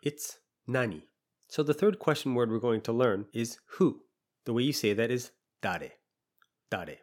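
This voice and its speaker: A man teaching a language lesson, patiently explaining and repeating example phrases slowly. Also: mid-range voice, lively intonation, darkish tone.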